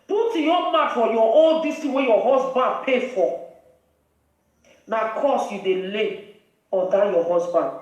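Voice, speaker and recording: A woman with a Nigerian accent, hosting a live video and scolding in a preachy, emphatic way. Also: a little high. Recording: very echoey room, voice far from mic.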